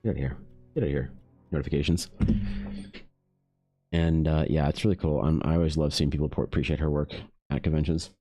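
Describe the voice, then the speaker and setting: A man's voice: rumbling low, fairly even intonation, fast, pauses often, warm tone, soft background music. A man casually chatting with stream viewers while drawing, rambling and swearing freely.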